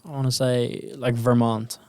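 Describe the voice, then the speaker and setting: A man's voice: mid-range voice, flat delivery, a little slow, darkish tone, smooth, no echo. Young man with a posh South Dublin accent. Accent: South Dublin Irish. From Ireland. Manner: rambling storyteller with many restarts. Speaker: guest. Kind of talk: casual chat.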